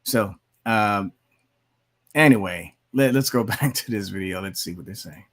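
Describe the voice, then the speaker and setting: A man's voice: on the low side, a little slow. Heated male video commentator. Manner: argumentative, heated, repetitive asides; mocks opponents in put-on quotes. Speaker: channel host.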